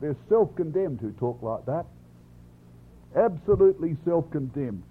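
Expounding the Bible in a sermon, this man speaks with earnest emphasis and frequently speaks straight to the congregation. His slightly rough, a little high voice has lively intonation and a somewhat slow pace, heard through a tinny, lo-fi, phone-like recording.

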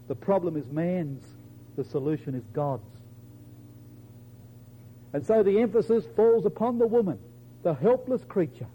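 A man preaching a sermon to his congregation, emphatic, quoting scripture in old-fashioned wording and dropping softly at the ends of phrases. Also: breathy edge, low-quality recording. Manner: emphatic, addresses listeners as brethren and sisters; drops to a soft low voice at the ends of phrases.

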